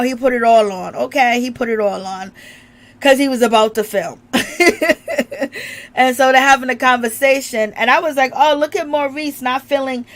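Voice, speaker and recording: A woman's voice: a little high, fairly bright tone. Chatty woman with a strained voice. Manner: chatty, laughs often, calls viewers y'all and baby. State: strained voice, recovering from illness. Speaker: reality TV recap vlogger. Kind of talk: casual chat to viewers.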